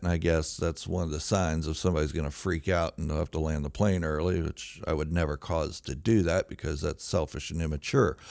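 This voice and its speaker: A man with a very low voice tells a true story in a loose, casual monologue. He mocks himself and plays up the drama with sudden loud bursts. The sound is close and dry, with no room around it. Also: gravelly, dry recording. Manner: self-mocking, dramatic retelling with sudden loud outbursts.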